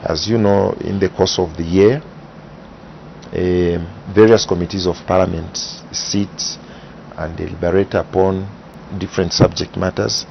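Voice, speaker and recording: A man, explaining parliament procedure in measured, methodical interview answers. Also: low-pitched, steady tone, gravelly. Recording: dull broadcast audio with faint hiss.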